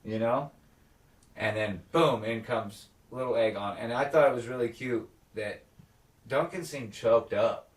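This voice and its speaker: This podcast co-host has a medium-pitched, somewhat slow voice, picked up by a distant mic in an echoey room. Chatting casually about a TV episode, he animatedly performs characters' lines, cursing often.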